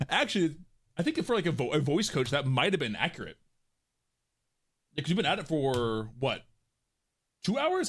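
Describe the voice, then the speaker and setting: A young man chatting on a live stream, joking at his own expense and laughing often. His voice sits a bit high and bounces all over the place. The tone is bright and forceful. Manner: animated, jokey and self-mocking, laughs often. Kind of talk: casual live-stream chat while reading voice scripts.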